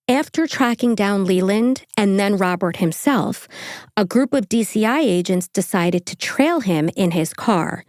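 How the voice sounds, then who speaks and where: A woman's voice: medium pitch, a little mellow, no echo, studio quality. A woman hosting a true crime podcast, narrating the case and mocking the killer with sarcastic, profane asides. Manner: sarcastic, swears casually. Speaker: podcast host.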